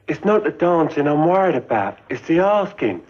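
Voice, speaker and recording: An actor playing a slow-witted, naive young army private who speaks simply and earnestly, in a 1950s British film comedy. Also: male voice, a little high, very animated, lo-fi sound.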